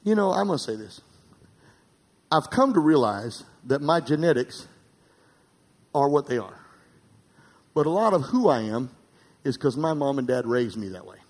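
A man preaching a sermon as pastor, calling for amens and swinging from emphatic, near-shouted peaks to quiet asides. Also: medium pitch, big pitch swings, normal speed, pauses often. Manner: calls for amens from the congregation.

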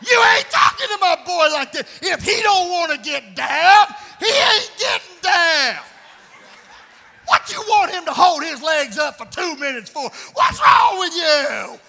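A man preaching acts out an indignant parent yelling at a coach, loud and scolding, with the sound of a reverberant church hall. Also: very high-pitched, sing-song, a little slow, gravelly, some chatter behind, pitched above the performer's own voice, exaggerated voice.

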